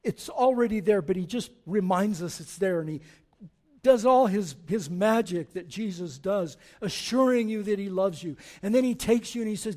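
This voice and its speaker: Male pastor, higher-pitched voice, animated sermon delivery with scripture reading. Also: normal speed. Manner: animated preaching, reading scripture aloud, rising to forceful exhortation.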